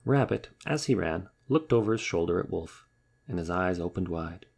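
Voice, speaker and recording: Deep gravelly man reading a storybook. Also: normal speed. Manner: wry, lively storytelling. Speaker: narrator.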